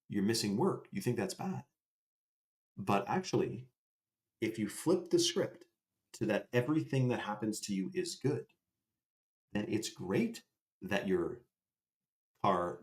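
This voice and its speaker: Laid-back, lower-voiced livestream host man. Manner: laid-back, swears freely, answers chat by name. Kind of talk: casual livestream chat.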